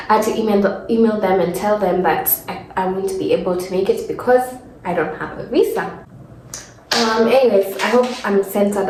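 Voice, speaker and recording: A Kenyan woman in her twenties vlogs from her room, telling a casual sit-down story full of fillers and restarts, close to tears. Her mid-range voice is a little mellow, and the low-quality recording is reverberant with slight hiss or hum.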